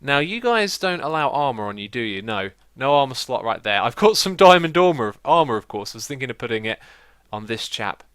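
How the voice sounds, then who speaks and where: Upbeat male gameplay host, clear, crisp tone, chatty and quick to laugh. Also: medium pitch, big pitch swings, fairly bright tone, dry recording, studio quality. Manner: chatty, upbeat, laughs often, talks to his horses. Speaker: Minecraft video host. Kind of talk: casual gameplay commentary.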